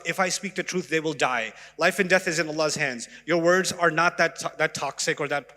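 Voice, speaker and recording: A man preaching a sermon in an animated way, acting out little dialogues to make his points. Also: a little high, in a large hall. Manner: animated, acts out dialogues with voices. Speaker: Islamic preacher.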